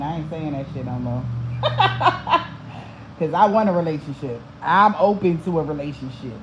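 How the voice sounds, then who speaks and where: A woman's voice: sits low, muffled recording, slight background noise. A woman hosting a spiritual channel, chatting casually to her viewers in a blunt, profane way and laughing often.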